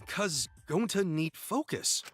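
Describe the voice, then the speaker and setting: An actor voicing a big, gentle, simple-minded man who speaks broken English and calls himself by his own name, heard from game audio with faint music. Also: high-pitched, lively intonation, slow, exaggerated voice. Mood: earnest.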